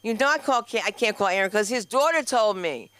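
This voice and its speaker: High, bright-voiced comedy club host. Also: male voice, expressive, clear, resonant tone, dry recording. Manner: rapid, jokey, talks straight to the crowd. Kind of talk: stand-up hosting banter.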